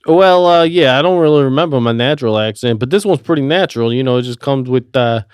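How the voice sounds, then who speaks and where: A man guesting on a podcast, laid-back with deadpan jokes in casual chat. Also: mid-range voice, fast, clean tone, no echo, studio quality. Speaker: podcast guest, punk musician.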